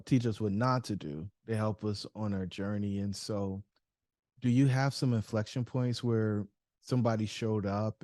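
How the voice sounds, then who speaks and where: Low, mellow-voiced podcast host. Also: male voice, dry recording, studio quality. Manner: thoughtful, hesitant questioning. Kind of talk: interview questions.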